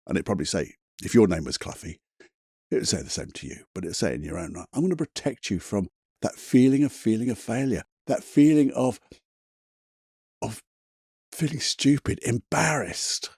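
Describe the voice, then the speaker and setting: A man's voice: lowish voice, lively intonation, normal speed, a little mellow, husky, no room sound, clean studio sound. A man hosting a solo motivational podcast, talking in a chatty, emphatic way, swearing casually and laughing at himself. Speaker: podcast host.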